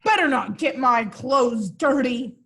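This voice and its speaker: A woman reading aloud, voicing a serious, humorless male farmer in a storybook with flat, solemn lines. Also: sits high, takes it slowly, full character voice. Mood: grumbling.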